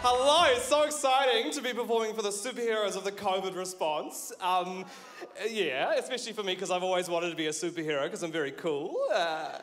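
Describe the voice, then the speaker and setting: Wry New Zealand comedian, high voice. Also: male voice, brisk, fairly bright tone. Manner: wry, self-deprecating, laughing at his own lines. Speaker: stand-up comedian. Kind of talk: stand-up comedy set. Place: stage.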